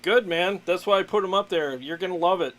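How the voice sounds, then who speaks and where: A man's voice: high-pitched, fairly quick. Chatty man hosting a livestream. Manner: relaxed, chatty, laughs often, many fillers. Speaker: livestream host, guitarist. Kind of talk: casual livestream chat.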